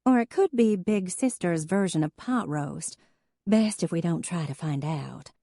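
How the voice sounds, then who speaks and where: A woman's voice: lowish voice, animated, unhurried, mellow, no echo, studio quality. A woman voicing a wisecracking younger sister who puts on a drawling good old boy accent. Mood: joking drawl.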